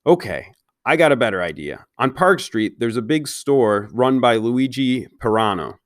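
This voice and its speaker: A man's voice: medium pitch, animated, normal speed, no room sound, natural voice. A man voicing a cocky, bossy street-gang boy who barks orders and threats in a dry read-aloud. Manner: bossy, brusque.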